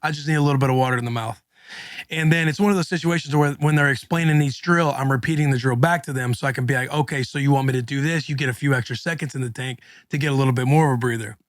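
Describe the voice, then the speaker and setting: A man's voice: mid-range voice, rapid-fire, no echo. A man in his thirties co-hosting a podcast, telling a story in casual, slangy chat and acting out quotes. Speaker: podcast co-host, former NFL linebacker.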